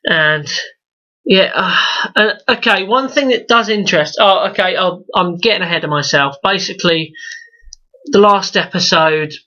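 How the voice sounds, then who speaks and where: Male reviewer: bright, sharp voice, rambling rant full of restarts and swearing. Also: high-pitched, normal speed. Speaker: video reviewer. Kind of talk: opinionated casual rant. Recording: dull lo-fi recording.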